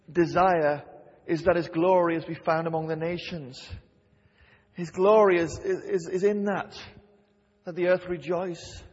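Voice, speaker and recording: Impassioned and fairly high-pitched with a breathy edge, a male preacher hammers home key phrases through repetition and reads scripture aloud. Lo-fi hall reverb colors the recording.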